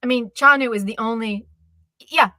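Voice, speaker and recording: A woman co-hosting a live stream chat, ranting in an exasperated, animated way. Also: a little high, normal speed, no room sound. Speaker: co-host.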